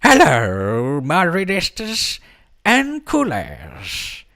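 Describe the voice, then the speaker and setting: A man doing a cheery little male leprechaun in a high, exaggerated, jokey voice. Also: huge pitch swings, drawn-out words, pushed and bright, full character voice. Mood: jolly.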